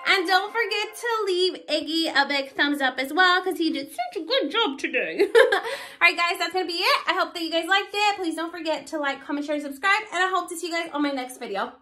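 A woman's voice: extremely high pitch, animated, brisk, over music. A woman vlogger chatting casually about her dog, with lots of ums and likes. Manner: chatty, with many fillers. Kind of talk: casual pet vlog chat.

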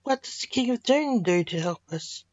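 A woman's voice: mid-range voice, expressive, moderate pace, a little mellow, no room sound, dull audio, lightly acted. A woman voicing a blunt, dim-witted male policeman who keeps asking questions.

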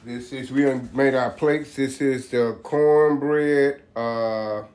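Here a home cook vlogger in his kitchen casually walks viewers through his cooking, calling them "y'all." His mid-range voice is slow and steady with a darkish tone. The roomy kitchen adds faint background ambience.

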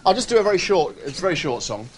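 Punning man with a lively voice. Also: high voice. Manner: rapid punning, laughs at own jokes. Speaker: comedian guest. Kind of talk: joke-filled chat show banter. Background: studio audience laughter.

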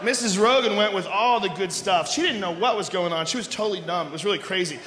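A middle-aged man doing a stand-up comedy routine on a big theater stage, loud and profane, shouting his punchlines. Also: sits high, fast talker. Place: large theater stage before a live audience. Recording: echoey hall recording with audience noise.

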